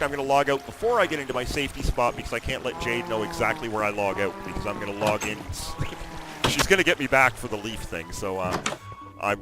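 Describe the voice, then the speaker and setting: A man giving chatty, excitable commentary on his own video game session, breaking into loud exclamations now and then. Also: lowish voice. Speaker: gaming video host. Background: background music.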